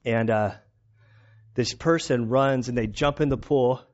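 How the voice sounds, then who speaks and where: A male pastor preaching in a casual, storytelling way, animated and self-mocking, often laughing. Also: medium pitch, unhurried. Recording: dull lo-fi recording.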